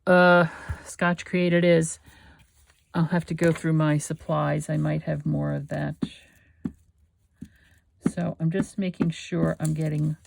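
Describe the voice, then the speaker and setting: A woman's voice: low voice, level tone, slow, creaky, long pauses, slight background noise. A woman hosting a craft video, thinking aloud and talking to herself as she glues and assembles a collage. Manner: thinking aloud, self-talk while working. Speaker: craft channel host. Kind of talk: casual crafting talk-through.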